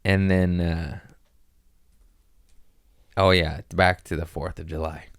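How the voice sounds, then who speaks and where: This podcast host speaks slowly in a low, clean voice, recorded with clean studio sound and no room sound. His casual chat is full of rambling, animated stories in which he acts out other people's words.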